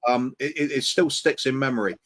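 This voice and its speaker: A man's voice: medium pitch, brisk, fairly bright tone. A man co-hosting a live fan stream, talking in a reflective, rambling way. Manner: reflective, rambling, many restarts and fillers. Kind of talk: casual chat on a live stream.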